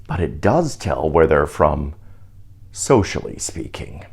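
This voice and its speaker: A man from Canada speaks in a very low, deep and polished baritone. He delivers a scripted reflection as a clergyman, measured, articulate and a little wry. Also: big pitch swings, creaky, a little mellow, breathy edge.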